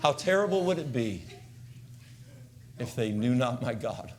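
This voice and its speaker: An older man preaching a comic storytelling sermon, acting out scenes and shouting voices loudly. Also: medium pitch, unhurried. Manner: animated, acts out scenes with loud shouts.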